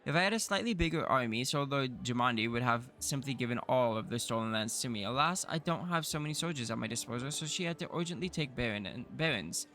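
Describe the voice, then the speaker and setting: A man's voice: mid-range voice, animated, fast, few pauses, bright, forceful tone. A man reading out the lines of an arrogant, haughty male noble baron in a fantasy game. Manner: scornful, lordly. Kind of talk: reading game dialogue aloud.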